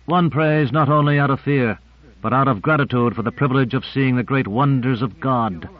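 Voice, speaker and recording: Fervent, reverent male surgeon for an audiobook, read by a man, lifted pitch, dull recording. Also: normal speed, lightly acted. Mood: awed. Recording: muffled lo-fi recording.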